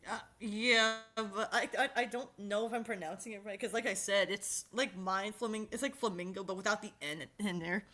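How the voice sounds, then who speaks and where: A woman's voice: medium pitch, fairly even intonation, moderate pace, hardly any pauses, sharp tone, faint music behind. A woman hosting a casual stream, talking in a giggly, rambling, self-deprecating way, with a lisp. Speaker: streamer host.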